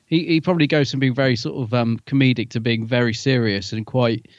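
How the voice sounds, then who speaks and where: A man co-hosting a podcast, thinking aloud in an easygoing chat and often trailing off. His voice sits at a middle pitch. The recording is dull and lo-fi, with no room echo. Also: fairly even intonation, a little fast. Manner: thoughtful, musing, often trails off. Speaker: podcast co-host. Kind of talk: casual chat reviewing an episode.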